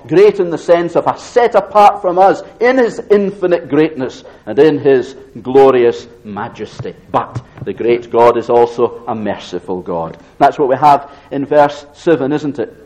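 A man preaching an expository sermon, reading scripture aloud and slowing down to stress key phrases. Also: mid-range voice, animated, darkish tone, rough recording. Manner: reads scripture aloud in raised tone.

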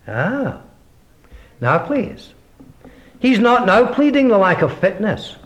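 A man preaching a sermon in an emphatic way, asking rhetorical questions and dropping from loud lines to hushed ones. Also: high-pitched, sing-song, slow pace, long pauses.

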